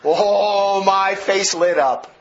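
A man's voice: high voice, extremely slow, crowd noise. A man preaching a sermon full of stories, vehement and rambling, with many restarts, on a dull lo-fi recording.

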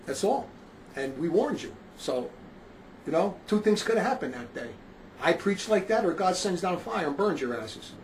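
A man with a notably high voice for his sex talks as a street preacher, rambling and emphatic, circling back over his own phrases. He is from northern New Jersey, and his voice swells into loud, forceful bursts. A faint hum of noise sits behind him. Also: sing-song, normal speed, rough recording. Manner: emphatic, rambling, repeats himself, rises to loud outbursts. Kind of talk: casual spoken monologue.

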